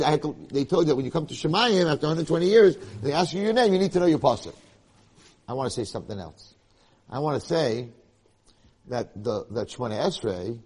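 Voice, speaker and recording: A man giving a Torah lecture to a live audience, telling stories with animated, rising emphasis. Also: mid-range voice, breathy edge. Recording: lecture hall with long reverb.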